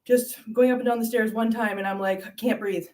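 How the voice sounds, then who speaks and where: A woman's voice: on the high side, fairly even intonation, a little fast, darkish tone, recorded from a distance. A woman hosting a casual livestream chat, greeting viewers by name and calling them pet names like hon and sweetie. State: out of breath. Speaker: channel host.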